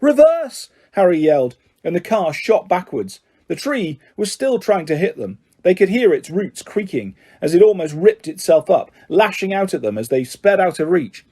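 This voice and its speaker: A man with a fairly high yet mellow, warm voice narrates a storybook. His reading is expressive and dramatic. He leans into the tension of each scene. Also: moderate pace, hardly any pauses, slightly rough. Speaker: audiobook reader.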